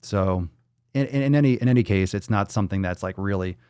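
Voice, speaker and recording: Low-voiced profane podcast host, dry sound. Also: male voice, fairly quick, dark tone, clear, resonant tone, no room sound. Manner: loose and profane, reads chat comments aloud. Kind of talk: casual livestream chat. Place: indoors at home.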